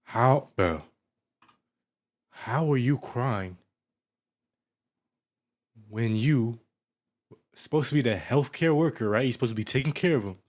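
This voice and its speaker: A man hosting a reaction video, commenting loudly and profanely and scolding the person on screen. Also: medium pitch, expressive, a little slow, long pauses.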